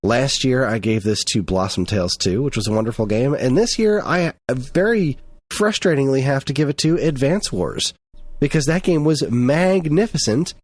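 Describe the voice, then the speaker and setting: A man co-hosting a gaming podcast in relaxed conversation, with a voice in the middle range. He talks haltingly and often restarts his sentences. The recording is dry and close-miked. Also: mid-range voice, no room sound. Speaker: podcast co-host. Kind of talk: casual chat.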